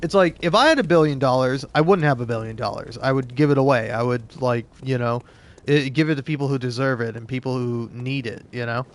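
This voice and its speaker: A man's voice: medium pitch, fairly quick. A young man rambling sarcastically while playing a game, with frequent swearing. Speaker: gaming channel host. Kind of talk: casual gameplay commentary.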